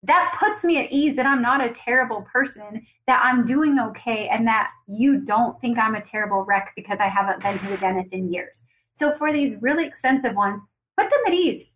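An upbeat woman with a fairly high voice speaks as a podcast guest, advising dental teams in a brisk, coaching way. She keeps slipping into little acted scenes of what to say to a patient. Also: slight background noise, poor audio. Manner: energetic, acts out dialogues with patients. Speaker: guest, dental practice consultant. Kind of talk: conversational podcast interview.

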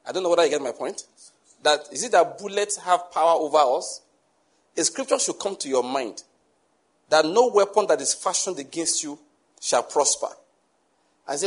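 Preacher guy, kinda husky and high-ish, keeps asking the crowd if they get his point. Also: very animated, moderate pace, long pauses. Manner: emphatic, rhetorical questions to the congregation. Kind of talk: sermon.

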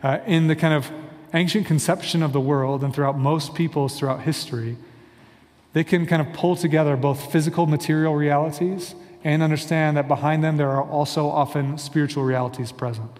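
Guy pastor preaching, casual and earnest, kinda high voice, long echo. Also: fairly even intonation, a little fast, darkish tone. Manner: earnest, conversational preaching with many fillers. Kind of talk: sermon.

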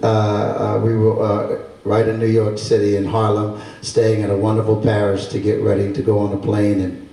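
A middle-aged man from Baltimore, a priest, telling a lively testimony to a congregation and acting out the voices of people in his stories. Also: on the low side, moderate pace. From Baltimore, Maryland. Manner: animated storyteller, acting out voices with laughter. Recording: echoey room, distant mic.

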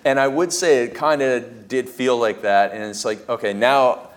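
A man talking as a podcast guest, telling stories in a lively way and acting out what he and others said. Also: mid-range voice, normal speed. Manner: animated, acts out his own quotes and screams. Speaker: podcast guest, entrepreneurship coach. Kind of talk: casual interview storytelling.

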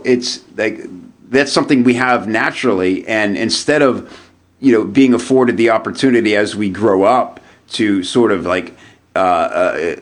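Lower-voiced man telling a story. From United States. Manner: animated storyteller, frequent restarts and repeated words, laughs while telling. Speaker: podcast guest, copywriter. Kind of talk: conversational storytelling.

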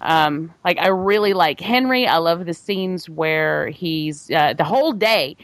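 Her lowish, animated voice comes through at a measured pace with no echo as she co-hosts a podcast about films. She rambles casually, frequently laughing and starting over mid-thought.

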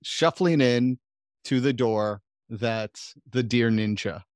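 A man's voice: mid-range voice, slow, no echo. Game master, man, mid voice, laid-back narration, dry close recording. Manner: casual, swears freely.

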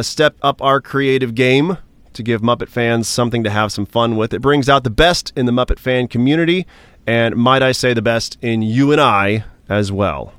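A man's voice: medium pitch, fairly bright tone, clean tone, no echo. A man hosting and producing a casual podcast, teasing his co-host and wrapping up the show.

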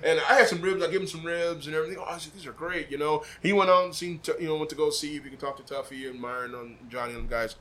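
Animated storyteller, a man with a fairly high voice. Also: rapid-fire, few pauses, slight background noise. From Des Moines, Iowa. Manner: animated storyteller, acts out quoted dialogue. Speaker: podcast guest, barbecue pitmaster. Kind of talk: casual storytelling. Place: room above a butcher shop.

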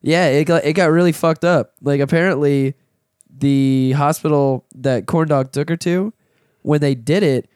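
A man's voice: a little high, normal speed, darkish tone, clear, resonant tone, no room sound, studio quality. A man hosting a casual podcast, sniffling from a cold, talking in a loose, profane way and laughing often. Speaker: podcast host.

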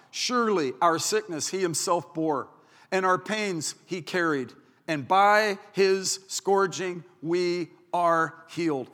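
Guy pastor preaching, high bright voice, leans hard on words, big echoey church hall. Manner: emphatic preaching, drawing out key words. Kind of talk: sermon. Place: church auditorium. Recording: reverberant hall.

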